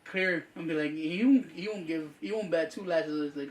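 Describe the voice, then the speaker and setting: A man's voice: on the high side, brisk, echoey room, far from the mic. A young man co-hosting a podcast, telling stories in a laid-back way and swearing freely. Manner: laid-back storytelling with profanity and quoted voices. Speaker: podcast co-host. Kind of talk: casual chat.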